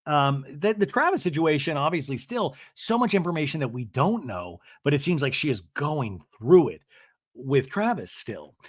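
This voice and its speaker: A man's voice: a little high, very animated, normal speed. A man hosting a podcast, rambling through a casual comedic recap of a reality show with lots of fillers and restarts. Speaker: podcast host.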